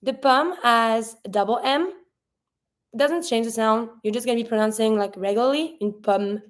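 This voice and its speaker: A woman's voice: a little high, normal speed. A woman teaching a French lesson, explaining pronunciation patiently step by step. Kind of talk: online language lesson.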